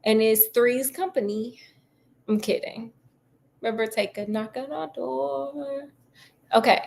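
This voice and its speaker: A woman's voice: fairly high pitch, fairly even intonation, a little slow, creaky, a little mellow, slight background noise. A woman host retelling a classic novel in casual chat, slangy and joking, with plenty of asides. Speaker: storyteller host.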